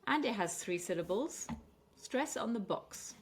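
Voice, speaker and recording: Woman teaching English pronunciation clearly. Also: fairly high pitch, lively intonation. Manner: clear, deliberate, stressing words slowly. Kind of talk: pronunciation lesson.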